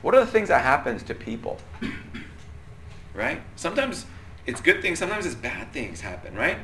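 A young man teaching at church in a lively, conversational way, his voice bright and ringing and set a little high. He keeps turning questions back to the group and tells stories from his own life. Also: moderate pace, slight background noise. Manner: conversational, animated, asks questions. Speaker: youth pastor leading group discussion.

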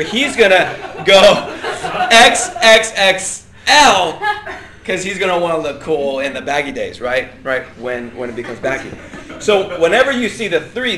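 A man's voice: fairly high pitch, slight background noise. A man leading an interactive Bible class, asking the group questions and joking as he teaches. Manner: lively, asks the group questions, jokes and laughs. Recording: echoey room, faint ambience.

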